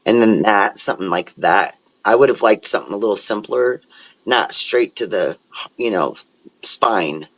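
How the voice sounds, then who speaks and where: Middle-aged host, kinda low voice, sympathetic and rambly. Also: male voice, normal speed, a bit bright, rough recording. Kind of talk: casual chat.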